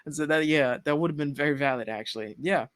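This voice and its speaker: Young male co-host, casual and slangy, upbeat and animated, slightly high voice, dry close sound. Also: fast, dry recording. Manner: animated, slangy, retells scenes with laughter. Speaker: podcast co-host. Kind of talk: casual TV episode discussion.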